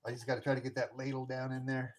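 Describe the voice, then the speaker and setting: A man chatting casually on a live stream about his metal casting, excitable, often whooping and laughing. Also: mid-range voice, very fast, a little hiss or hum.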